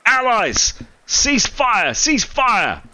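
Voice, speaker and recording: A man voicing a male archer who yells frantic warnings at the top of his voice. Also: extremely high pitch, wildly swooping pitch, drawn-out words, pitched above the performer's own voice, exaggerated voice. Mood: frantic shouting. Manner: shouting.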